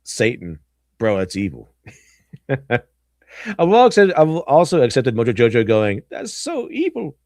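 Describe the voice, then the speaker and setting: A man chats loosely through a livestream, giggling at memes and breaking into goofy voices. His pitch swings up and down all the time. The sound is close and dry, with no room around it. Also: very animated, measured pace, pauses often, darkish tone, no room sound. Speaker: stream host. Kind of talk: casual livestream chat reacting to memes.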